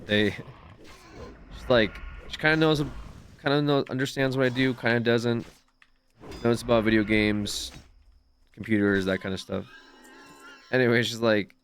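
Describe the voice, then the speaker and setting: A male streamer chatting casually while gaming, animated and laughing, sometimes trailing off into quiet asides. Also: fairly low pitch, creaky, a little hiss or hum.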